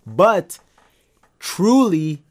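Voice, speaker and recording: A man co-hosting a casual podcast discussion, talking in animated bursts with many restarts and pitch jumps when he makes a point. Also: drawn-out words. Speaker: podcast co-host.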